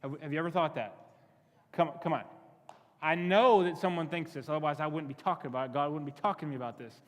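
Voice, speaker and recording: A fairly high-voiced man preaching to a youth group, full of energy and questions for the crowd. His voice rings out with a long church-hall reverb. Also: quick pace. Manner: energetic, asks the crowd many questions, repeats words. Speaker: youth pastor. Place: church sanctuary.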